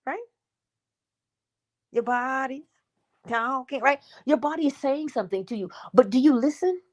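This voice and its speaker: A woman's voice: high voice, moderate pace, highs cut off. A woman hosting a morning livestream teaching talk, emphatic and conversational, asking her listeners questions and acting out little dialogues. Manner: acts out little dialogues with herself. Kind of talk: live-stream teaching talk.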